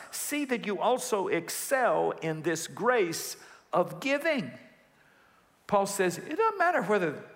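A man preaching from the pulpit, his voice bright and forceful, swinging widely up and down in pitch. He tells stories and jokes with sudden excited climbs. His words ring out with a long reverb in a large hall. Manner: animated, jokey storytelling with sudden rises in pitch. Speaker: pastor. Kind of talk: sermon.

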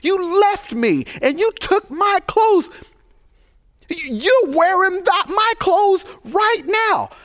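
A preacher voicing an indignant man who shouts in outrage, his voice jumping far higher than usual into shrill yelling. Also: lively intonation, takes it slowly, heavily acted. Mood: outraged. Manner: high-pitched, shrill yelling.

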